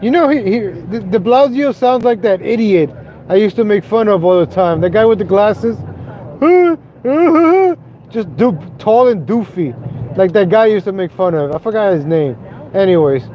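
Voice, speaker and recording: A man's voice: sits high, warm tone. A man live-streaming from his car, mocking and cursing in an angry rant, then apologizing to his viewers. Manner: profane, mocking, quick to rage then apologetic. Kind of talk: ranting live stream commentary. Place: inside a car, driving.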